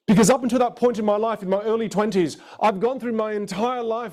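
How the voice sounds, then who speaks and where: A man teaching a live online masterclass as a vocal coach, telling stories in an animated, expressive way. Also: high voice, quick pace, few pauses.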